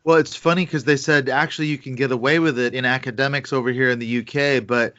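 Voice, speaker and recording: An American man who is a podcast guest and teacher, chatting casually, good-humored and quick to laugh. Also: medium pitch, fairly even intonation, sharp tone, dry recording. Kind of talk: casual interview chat. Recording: dry, slightly muffled podcast audio.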